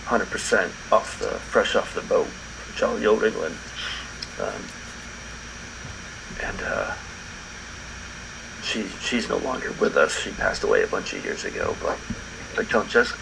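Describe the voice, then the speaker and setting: A man's voice: fairly low pitch, sing-song, measured pace, vocal fry, long pauses, background noise. A man co-hosting a podcast in casual, laid-back chat that rambles and trails off. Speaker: podcast co-host.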